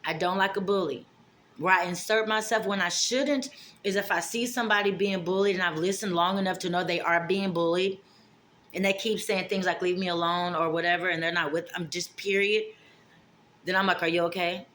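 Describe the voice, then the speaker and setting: Woman, casual storytelling vlog, animated, acts out dialogue. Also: a little fast, slight background noise. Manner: animated, acts out dialogue with big pitch jumps. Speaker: vlogger.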